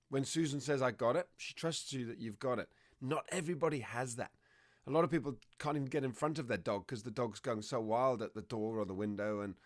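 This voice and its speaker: Animated man telling dog stories. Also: mid-range voice. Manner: animated storytelling, acts out dog and owner voices. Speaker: dog behavior trainer. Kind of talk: conversational explanation.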